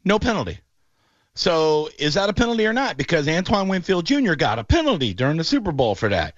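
A man hosting a casual sports talk show, telling stories with animated, mocking energy. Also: fairly high pitch, brisk, no room sound, lo-fi sound. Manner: animated storyteller, mocking voices in quotes. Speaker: podcast host.

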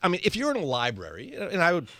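Expressive male lawyer guest on radio. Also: high-pitched, fast talker. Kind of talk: casual radio talk.

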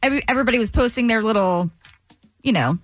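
A woman co-hosting a morning radio show, recapping the news in a brisk, matter-of-fact way. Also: on the high side, expressive, faint music behind. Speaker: radio co-host. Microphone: studio microphone.

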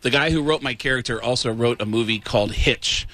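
A man's voice: mid-range voice, brisk, dry recording. A middle-aged male comedian telling stories casually into a studio mic, full of voices. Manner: animated, does many voices. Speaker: comedian guest. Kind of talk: casual storytelling.

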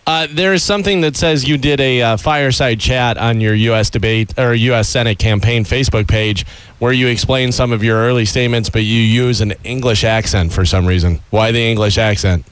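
Radio co-host, clear smooth voice, wry delivery. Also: male voice, mid-range voice, fairly even intonation, brisk. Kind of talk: talk radio banter.

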